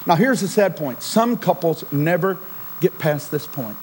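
Man, middle-aged, pastor, sermon, high-pitched, dramatic drops to near-whisper, faint ambience. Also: expressive, measured pace, slight background noise, poor audio.

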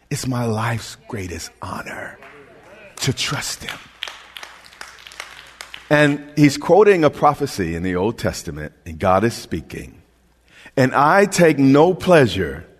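Slow, animated preaching man in a hall. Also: medium pitch, slightly rough. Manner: impassioned preaching with stammered restarts, rising to shouts. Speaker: pastor. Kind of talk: sermon. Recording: long hall reverb.

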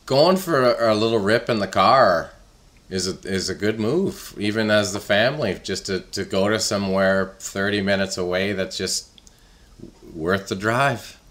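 A man's voice: lowish voice, moderate pace, a bit bright. Laughing, rambling man. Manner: rambling storyteller, laughs often. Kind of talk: casual chat.

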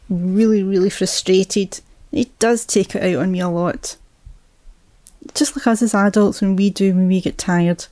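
A woman tells a story from her life as a mother with a mellow, soft-edged tone. She takes her time over each phrase, reflective and unhurried, and now and then sinks into a hushed whisper. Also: mid-range voice, no echo. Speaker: mother telling a personal story. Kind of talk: personal storytelling.

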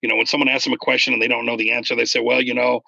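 A man in casual conversation about faith, explaining earnestly and getting animated when he retells stories. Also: medium pitch, racing, creaky, no room sound, dull audio.

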